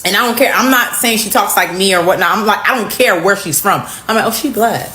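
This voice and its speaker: A woman's voice: medium pitch, quick pace, bright, forceful tone, slight background noise. A woman musing aloud in a chatty, casual talk to the camera. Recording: echoey room with faint ambience.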